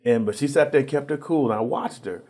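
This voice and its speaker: A man's voice: mid-range voice, fast. Man telling a story with quoted voices. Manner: relaxed storyteller acting out quoted voices, with frequent restarts. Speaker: guest. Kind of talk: storytelling in a TV interview.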